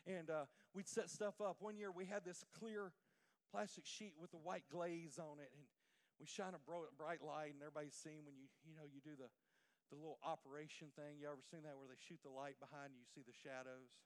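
A man preaching a sermon, swinging from loud emphatic declarations to quiet storytelling. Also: a little high, steady tone, brisk.

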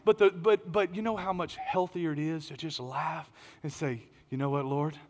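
A middle-aged man preaching a sermon as pastor, telling stories in a lively way with louder, higher bursts. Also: normal speed. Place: church auditorium. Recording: long hall reverb.

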